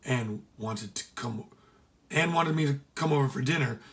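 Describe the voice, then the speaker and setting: A man's voice: mid-range voice, moderate pace, fairly bright tone, lightly acted. A man voicing a nervous teenage boy who talks hesitantly and stammers.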